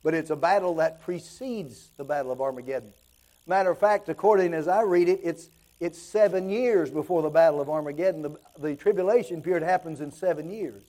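A man preaching a sermon in a high, soft-edged voice. He throws out rhetorical questions and swells with fervor as he builds his points. His tone stays warm and mellow rather than sharp. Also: brisk. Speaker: pastor.

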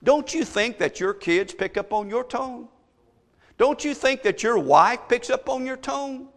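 A man delivers an emphatic sermon from the pulpit, his voice sitting high for a man. He presses his points with strings of rhetorical questions. The sound carries a long church-hall reverb. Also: expressive, measured pace. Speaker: pastor.

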